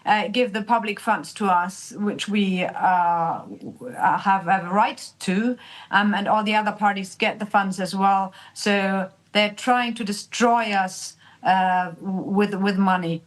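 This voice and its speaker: A woman's voice: mid-range voice, fairly even intonation, slow, rough recording. A woman from Germany with a German accent, a politician guest speaking earnestly in a remote interview, English not her first language.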